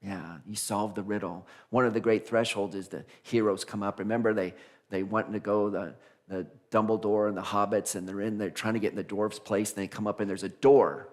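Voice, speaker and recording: A man minister preaching a conversational Sunday sermon, animated and laughing as he acts out the voices of figures in his stories. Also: fairly low pitch, fairly quick. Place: church sanctuary.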